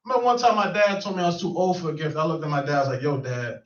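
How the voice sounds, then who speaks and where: Lively high-voiced man doing stand-up. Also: rapid-fire. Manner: loose, laughing at his own jokes. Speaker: stand-up comic. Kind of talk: stand-up set. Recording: echoey room, far from mic, dull.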